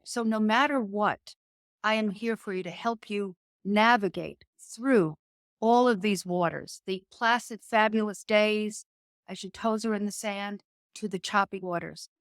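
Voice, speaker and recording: A woman's voice: mid-range voice, normal speed, no room sound. A woman speaking as a podcast guest, with an earnest, motivational delivery. She takes her time over the words she wants to land. Her voice sits in a middle register and is recorded close and dry. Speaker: guest entrepreneur. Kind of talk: faith-based business interview.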